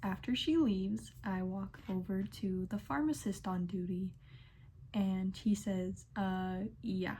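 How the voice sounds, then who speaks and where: A sassy, exasperated young woman telling workplace stories in a vlog. She speaks at an unhurried pace, her delivery dry and amused. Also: medium pitch, warm tone, a little hiss or hum. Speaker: pharmacy technician. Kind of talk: storytime vlog narration.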